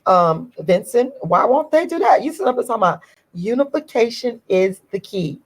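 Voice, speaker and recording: A woman's voice: fairly high pitch, animated, normal speed, poor audio. Indignant woman ranting to her viewers. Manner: emphatic, repeats phrases, talks straight to her viewers. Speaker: vlogger. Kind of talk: ranting video commentary.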